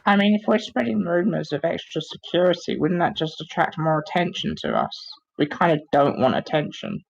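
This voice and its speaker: A hesitant tabletop player with a raspy, creaky voice describes what his character will do in the third person. The sound is dull and lo-fi, as from a cheap mic. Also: mid-range voice, sing-song, normal speed. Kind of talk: casual chat about his character's moves.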